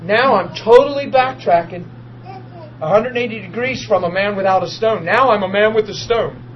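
A man, preaching and telling a personal testimony, swinging from hushed talk to loud tearful laughter. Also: high voice, normal speed. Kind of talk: testimony storytelling. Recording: dull lo-fi audio with noise.

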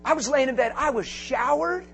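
A man preaching a storytelling sermon, animated and often laughing, breaking into shouts for emphasis. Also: very high-pitched, moderate pace, soft background music.

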